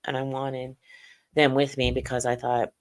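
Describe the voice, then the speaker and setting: A middle-aged woman telling her personal story as an interview guest, halting and earnest, with many "you know"s. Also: extremely low pitch, little pitch movement. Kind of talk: personal account in a podcast interview.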